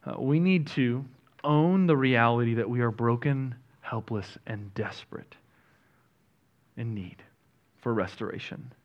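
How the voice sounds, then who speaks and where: A man preaching a sermon as a pastor, talking in a conversational, self-deprecating way that moves between quiet and energetic stretches. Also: mid-range voice, measured pace, muffled recording.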